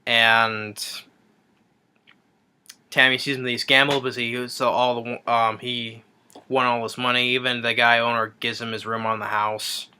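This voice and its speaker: A man's voice: mid-range voice, level tone, measured pace, pushed and bright, clean tone. A man giving a rambling, sarcastic movie review rant, recapping the plot with frequent restarts.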